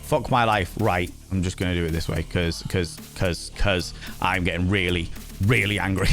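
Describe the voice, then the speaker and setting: A man's voice: deep voice, normal speed. Young male streamer, casual and foul-mouthed, exasperated storyteller, faint background music. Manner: sweary, exasperated, animated storytelling. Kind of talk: casual live-stream chat.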